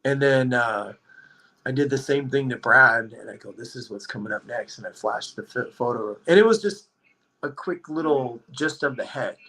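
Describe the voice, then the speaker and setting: Rambling, husky-voiced guy telling a story. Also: medium pitch, moderate pace, poor audio. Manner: rambling, animated, heavy use of "like". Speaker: podcast guest. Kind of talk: casual storytelling chat.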